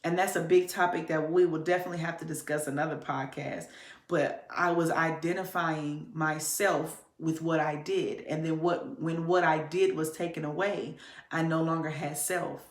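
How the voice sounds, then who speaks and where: A woman's voice: fairly even intonation, moderate pace, reverberant. A woman podcast host, possibly from Detroit, candidly telling a personal story in a conversational way. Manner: candid, conversational, with sudden pitch jumps to demonstrate voices.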